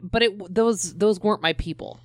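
A woman in her thirties co-hosts a podcast, chatting casually and rambling with many fillers and restarts. Her voice is medium-pitched at normal speed, recorded with studio quality and no echo.

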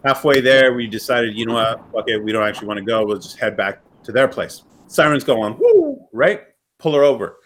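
A man's voice: on the low side, a little fast, fairly bright tone, a little hiss or hum. A man hosting a podcast, telling stories in a loose, rambling, profane way with lots of fillers. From upstate New York. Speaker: podcast host. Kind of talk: casual chat.

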